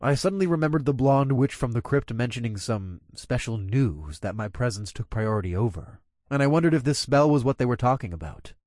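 Guy narrating an audiobook first person, lively up and down voice, dry close mic. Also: medium pitch, fairly quick, few pauses, no echo. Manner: expressive, animated delivery.

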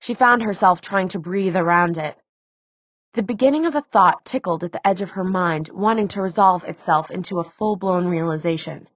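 A woman narrating an audiobook in a measured, even storytelling manner. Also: fairly low pitch, dry recording, highs cut off.

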